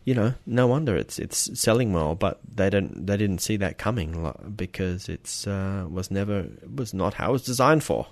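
Deep-voiced Australian man, rambling. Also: expressive, normal speed, creaky, hardly any pauses, no room sound. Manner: rambling, hesitant, lots of fillers and restarts; self-deprecating. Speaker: podcast co-host. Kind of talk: casual chat.

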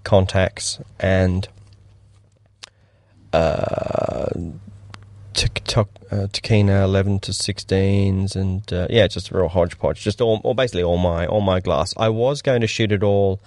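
Low-voiced man telling stories. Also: measured pace, no echo. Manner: rambling anecdotes with lively acted-out quotes. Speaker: podcast co-host, cinematographer. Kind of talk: casual chat.

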